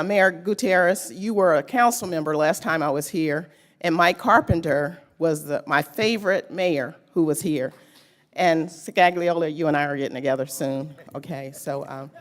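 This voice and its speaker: A woman making an emotional, pleading public comment at a city council meeting, speaking at a podium microphone. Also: sits low. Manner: pleading, earnest, tearful at times. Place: council chamber.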